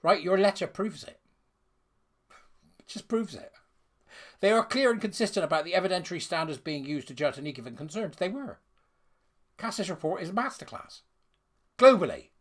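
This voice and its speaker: A man's voice: high-pitched, animated, moderate pace, pauses often. A man giving scornful, sarcastic ranting commentary while reading out a letter.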